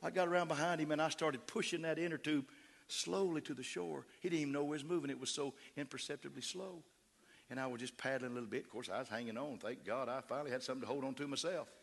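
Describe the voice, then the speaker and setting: A man, a pastor, telling a story in a sermon with an animated, humorous delivery. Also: mid-range voice, fast, vocal fry.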